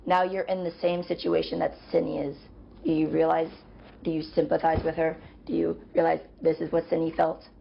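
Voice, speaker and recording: Gravelly, lecturing woman in a lo-fi clip. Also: low-pitched, flat delivery, fairly quick. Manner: lecturing, confrontational. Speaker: roommate in a confrontation. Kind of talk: heated confrontation. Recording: dull lo-fi clip with faint noise.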